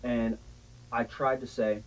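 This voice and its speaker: A young man casually telling a long, profane story in a rambling, animated way. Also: medium pitch, slow, low-quality recording. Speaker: storyteller guest.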